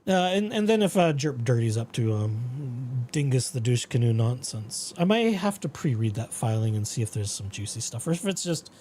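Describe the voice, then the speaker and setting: A man's voice: medium pitch, normal speed, hardly any pauses, a little hiss or hum. A man hosting a casual talk show, rambling about his dreams and reading out legal updates. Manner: rambling, animated quoting of dreams. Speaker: podcast host.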